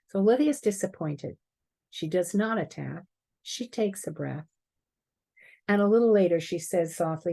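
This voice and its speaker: A woman giving a prepared talk on stepfamily life, explaining earnestly and clearing her throat now and then. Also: lowish voice, expressive, moderate pace, long pauses, dark tone.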